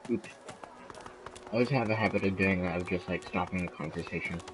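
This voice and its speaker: A man's voice: low voice, normal speed, rough recording. A young man streaming a game, rambling casually while sniffling and eating. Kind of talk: casual gaming commentary.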